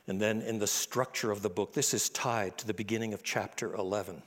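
A man preaching a sermon in an expressive, dramatic way, dropping low and quiet for solemn lines. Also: fairly quick, few pauses.

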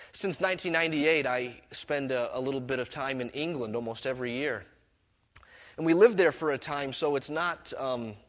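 A man's voice: a little high, fairly bright tone. A middle-aged man preaching a sermon as pastor, mixing scripture with personal stories in a conversational way. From Canada.

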